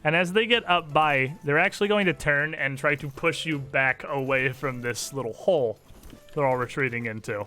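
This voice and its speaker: Bright-voiced man running a tabletop game. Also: fairly high pitch, moderate pace. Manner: laughs often while describing the action. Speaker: game master.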